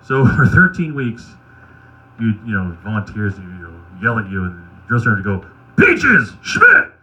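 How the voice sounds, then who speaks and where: A man doing stand-up, telling wry, crude anecdotes in a deadpan way. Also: lowish voice, moderate pace, poor audio. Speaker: stand-up comedian. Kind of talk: stand-up storytelling at an open mic.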